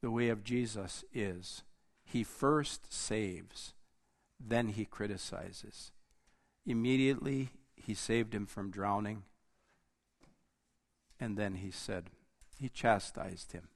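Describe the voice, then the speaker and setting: A man preaching a sermon, slow and deliberate, rising in force and then dropping almost to a hush. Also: fairly low pitch. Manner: slow, deliberate preaching that rises and drops to near-quiet.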